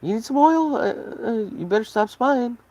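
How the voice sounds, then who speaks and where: A man's voice: very high-pitched, lively intonation, normal speed, a little mellow, dry recording, pitched above the performer's own voice. A man putting on the voice of a smug oil seller who teases buyers with sing-song questions. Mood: taunting.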